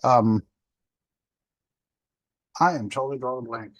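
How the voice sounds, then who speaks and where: A fifty-year-old man hosts his podcast in a loose, rambling way, full of ums and false starts. His voice sits at an ordinary middle pitch. The sound is dry and close, with no room around it. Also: a little slow, no room sound, lo-fi sound. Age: 50s. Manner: rambling, chatty, self-correcting with many fillers. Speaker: podcast host. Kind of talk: casual solo podcast review.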